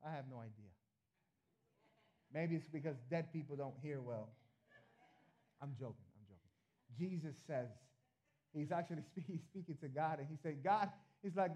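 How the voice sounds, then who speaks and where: A male pastor preaching a sermon to a congregation, emphatic, with his voice swelling loud and then dropping low. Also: normal speed, pauses often. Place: church.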